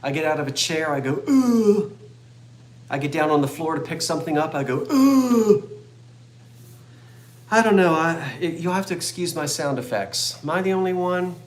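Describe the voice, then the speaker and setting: A man's voice: fairly high pitch, quick pace, few pauses, echoey room. A man in his fifties hosting a live online antique sale, rambling and joking as he reads out viewers' comments. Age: 50s. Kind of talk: chatty live-stream sales talk.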